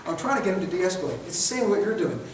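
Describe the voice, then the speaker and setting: Male instructor, high-pitched, talky classroom style with rhetorical questions, taped from a distance in a very echoey room. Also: very animated, slight background noise. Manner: acts out quick street scenarios in quoted voices. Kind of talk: classroom lecture. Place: training classroom.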